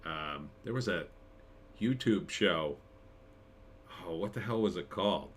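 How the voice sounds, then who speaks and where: A man's voice: low-pitched, animated, unhurried, slight background noise. A middle-aged man hosting a casual live stream, rambling and chuckling as he reads viewer comments aloud. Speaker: live stream host reading chat.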